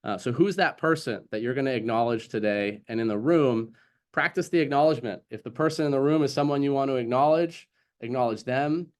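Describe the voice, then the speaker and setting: Guy hosting a group video call, mid-pitch voice, encouraging and affirming. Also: fairly quick. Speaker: community call host.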